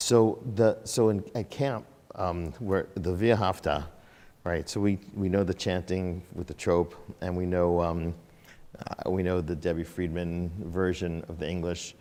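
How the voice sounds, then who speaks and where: A man's voice: deep voice, fairly even intonation, unhurried, dark tone. A man leading a livestreamed prayer service in a sanctuary. He sings chanted prayers and makes casual, rambling remarks between them. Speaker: service leader. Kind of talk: singing prayers and chatting with an online congregation. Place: synagogue sanctuary. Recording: long reverb of a large sanctuary.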